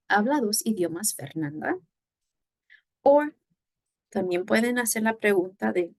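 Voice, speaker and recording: A woman's voice: medium pitch, gravelly, no room sound, rough recording. A woman teaching a Spanish lesson, explaining patiently step by step and moving between English and Spanish. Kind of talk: recorded classroom lesson.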